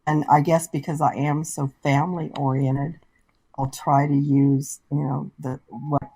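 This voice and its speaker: A woman guest in a casual online chat, earnest and thoughtful, pausing as she talks. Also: low-pitched, little pitch movement, mellow, breathy edge, no room sound, low-quality recording. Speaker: guest scambaiter. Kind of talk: casual video-call chat.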